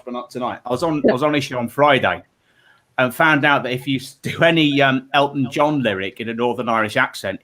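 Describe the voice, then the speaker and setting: A man's voice: mid-range voice, pushed and bright. A man hosting a comedy panel show, giggly and rambling as he banters with his guests. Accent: English.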